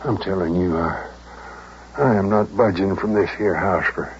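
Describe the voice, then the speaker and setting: An actor playing a fussy, lovesick older country mayor in a children's radio drama, with folksy rural grammar and melodramatic complaints. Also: male voice, deep voice, normal speed. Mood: complaining. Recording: dull old radio recording, faint hiss.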